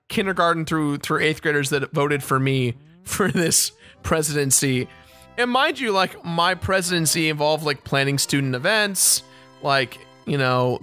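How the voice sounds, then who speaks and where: A man's voice: on the high side, sharp tone, clear, resonant tone. A man in his twenties, a let's play host, casually telling a story with lots of laughing and swearing. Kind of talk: casual storytelling over gameplay.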